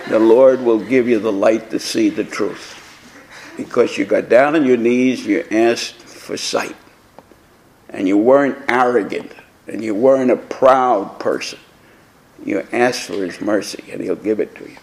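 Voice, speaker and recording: Casting: elderly male preacher, 80s, gravelly voice, rambling and blunt, stumbles over repeated words, storytelling to a crowd. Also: on the low side, measured pace, a little mellow. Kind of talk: anecdotal talk to a live audience.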